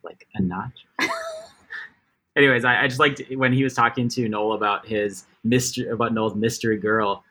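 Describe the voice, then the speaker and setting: Bright-voiced joking male podcast co-host. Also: mid-range voice, fairly even intonation, normal speed. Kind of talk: casual chat.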